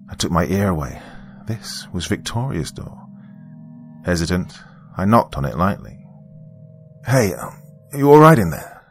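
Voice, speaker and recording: Man, storyteller, first-person narration, very low pitch, gravelly, calm, measured.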